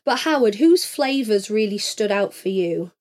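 A woman's voice: medium pitch, expressive, moderate pace, a little mellow. A woman hosting a casual chat podcast who steers the talk with light, upbeat questions to her guests. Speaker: podcast host.

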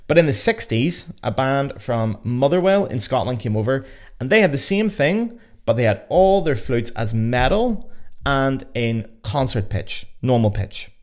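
A man's voice: mid-range voice, very animated, measured pace. A young man with a Belfast accent hosting a casual educational podcast, chatty, joking and swearing freely. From Northern Ireland. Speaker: podcast host. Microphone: podcast mic.

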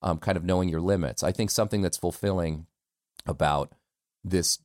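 A man from the United States chats as a guest about his voice work, rambling and often poking fun at himself. His voice is very low, and the recording is dry and close. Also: moderate pace, darkish tone, no room sound. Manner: candid, self-deprecating, rambling. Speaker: voice actor guest. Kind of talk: casual interview chat.

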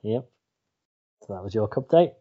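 Male co-host, mellow dark tone, dry teasing banter. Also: lowish voice, lively intonation, moderate pace, husky, muffled recording. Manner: dry, teasing, steering the talk. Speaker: podcast co-host. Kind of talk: casual podcast banter.

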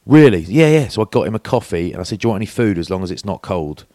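A man's voice: deep voice, rapid-fire, darkish tone, no room sound, clean studio sound. A man in his forties, co-hosting a podcast in casual chat, telling anecdotes and acting out quoted voices. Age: 40s. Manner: chatty storyteller, acts out quoted voices. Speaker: podcast co-host.

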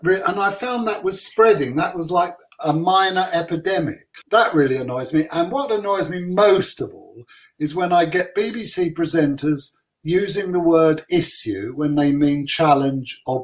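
An older man, chatting as a guest and grumbling with strong opinions. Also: on the high side. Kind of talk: casual chat.

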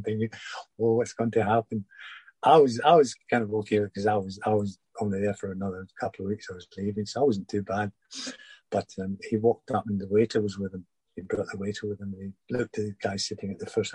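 An older man with a low, husky voice, recounting stories at an unhurried pace. He stumbles and restarts often, chuckling as he goes. The sound is dry and close. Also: a little mellow, no echo, poor audio. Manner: halting, many restarts and fillers, laughs through anecdotes. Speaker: former footballer guest. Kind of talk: relaxed interview storytelling.

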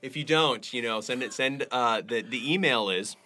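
A man's voice: medium pitch, moderate pace, bright, forceful tone. A man co-hosting a podcast in casual banter, joking and teasing. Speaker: podcast co-host.

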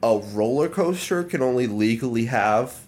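A man's voice: medium pitch, lively intonation, moderate pace, darkish tone. A man co-hosting a podcast, chatting casually and dropping dry, teasing remarks. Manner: dry, teasing quips and offhand fact-sharing. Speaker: podcast co-host. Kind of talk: casual chat.

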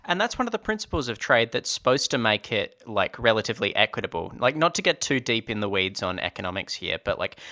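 A man's voice: on the low side, pushed and bright. A man, co-host and science magazine editor, chatting casually and riffing jokes. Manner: joking, quick to riff. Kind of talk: casual podcast banter.

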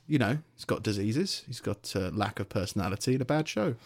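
A man's voice: lowish voice, very animated, fast. A man co-hosting a podcast, trading scornful, rambling jokes in casual banter. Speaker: podcast co-host.

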